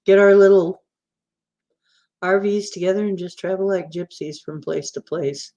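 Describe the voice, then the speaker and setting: A woman's voice: on the low side, steady tone, moderate pace, mellow, dull audio. A woman hosting a casual livestream, chatting in a rambling, teasing way and laughing easily. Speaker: livestream host.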